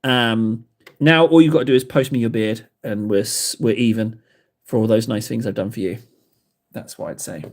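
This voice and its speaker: A man's voice: mid-range voice, sing-song, normal speed. A man hosting a livestream, chatting while painting miniatures, self-mocking and rambling, a little out of breath. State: slightly out of breath. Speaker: livestream host. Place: hobby desk indoors.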